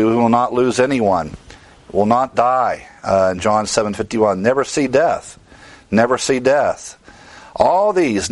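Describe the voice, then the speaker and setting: A man's voice: mid-range voice, no room sound. A man teaching the Bible in a sermon style, earnest and emphatic, stressing key words.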